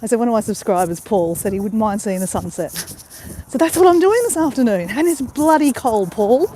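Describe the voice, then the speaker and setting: Middle-aged Australian woman, high and animated, casual live-stream chat into a phone on an outdoor walk. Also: a little hiss or hum. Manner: chatty, greets viewers, quick to laugh. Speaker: vlogger livestreaming a walk. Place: outdoors on a waterside path. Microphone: phone held while walking.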